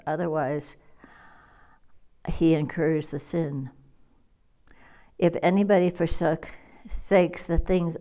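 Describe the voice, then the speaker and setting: A woman's voice: sits low, a little mellow. A woman reading as a stern old sage. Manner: solemn, measured reading. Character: stern old male sage laying a curse. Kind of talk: scripture reading.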